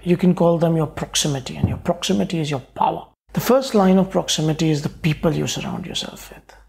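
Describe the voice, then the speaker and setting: A man, an entrepreneur guest, telling his story in an interview in an earnest, halting way with restarts. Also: on the high side, creaky, a little mellow.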